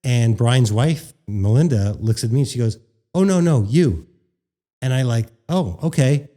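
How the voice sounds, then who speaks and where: Canadian-born guy on a podcast, warm mellow voice, tells his story and does everyone's lines in a higher voice. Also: measured pace. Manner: animated storyteller, acts out quoted dialogue in a higher voice. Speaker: podcast guest, former radio worker. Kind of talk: casual storytelling chat.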